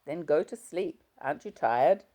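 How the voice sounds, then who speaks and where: A woman's voice: low-pitched, lively intonation, normal speed, mellow. A woman voicing an irritable, short-tempered young husband in an audiobook reading.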